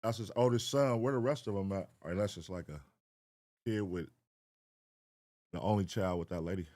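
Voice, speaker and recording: A man with a fairly low voice tosses out blunt, profane remarks as he reacts to video clips. His asides are short and offhand. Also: moderate pace, a little mellow. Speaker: reaction show host. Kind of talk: casual reaction commentary.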